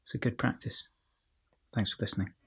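A man's voice: brisk, background noise. A man hosting a podcast, dry and self-mocking, wrapping up a show and reading a short piece, sometimes dropping to near-whispers. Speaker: podcast host.

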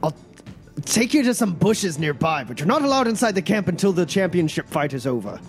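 A man's voice: sits high, very animated, brisk, soft background music, pitched above the performer's own voice. A man voicing a stern masked male camp guard in a tabletop game, questioning curtly.

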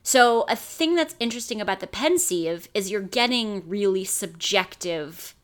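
A woman cohosting a podcast in casual chat, animated and full of fillers. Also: medium pitch, normal speed. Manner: animated, uses "like" a lot.

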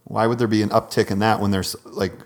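A man with a low voice chats casually as a podcast co-host. His banter is wry and peppered with swearing. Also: level tone, fast talker. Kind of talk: casual chat.

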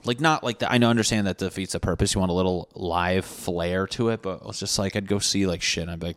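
A young man with a very deep, low voice rambles through crude stories, swearing freely as he hosts his podcast. His voice sits close to the mic in a dry, dead room. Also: fast talker, fairly bright tone, dry recording. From Connecticut. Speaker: podcast host. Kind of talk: casual rambling monologue.

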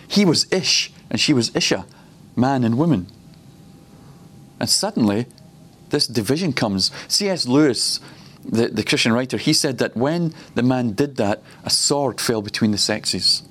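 A man's voice: mid-range voice, lively intonation, normal speed, a bit bright, slightly rough. A man preaching at a ministry school, personal and reflective, often laughing between points.

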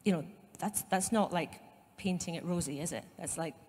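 A woman's voice: lowish voice, normal speed, a little mellow, breathy edge, long reverb tail. A woman pastor with a Scottish accent giving a conversational sermon, with asides to her congregation. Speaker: site pastor. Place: church.

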